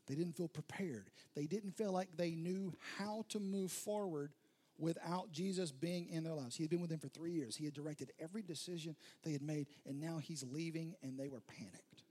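Male preacher, sermon delivery, slightly raspy and higher pitched, builds on repeated phrases. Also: normal speed, mellow. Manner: conversational storytelling, emphatic repeated phrases. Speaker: pastor.

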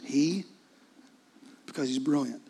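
A man preaching a sermon in a conversational, intimate way, often dropping into hushed asides. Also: mid-range voice, slow, gravelly, slight background noise. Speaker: pastor.

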